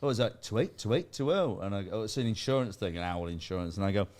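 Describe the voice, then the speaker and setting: A man's voice: lowish voice, expressive, fast talker, darkish tone. A man in his forties, a comedian telling rambling stories in casual chat and laughing at himself. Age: 40s. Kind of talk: casual comic storytelling.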